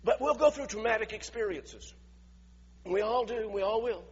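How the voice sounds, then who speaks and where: Male preacher, conversational sermon, high husky voice, echoey hall. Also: lively intonation, normal speed, lo-fi sound. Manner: conversational, asks the audience questions.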